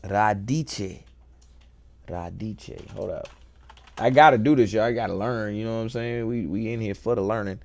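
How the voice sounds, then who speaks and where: A man hosting a casual show, thinking aloud in a relaxed, playful way and enjoying wordplay. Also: lowish voice, normal speed, creaky. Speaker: host. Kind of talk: casual musing talk.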